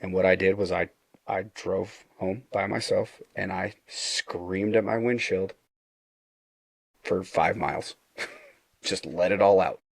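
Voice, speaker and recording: A man's voice: fairly even intonation, takes it slowly, pauses often, dry recording. A middle-aged man telling a personal story in a casual, earnest way, acting out the dialogue and often restarting his phrases. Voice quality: low gravelly voice.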